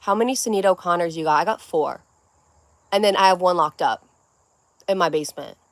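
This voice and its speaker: A woman's voice: on the low side, fairly quick, no echo. A young adult woman hosting a casual livestream at home, rambling from one topic to the next in a scattered way. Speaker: livestream host.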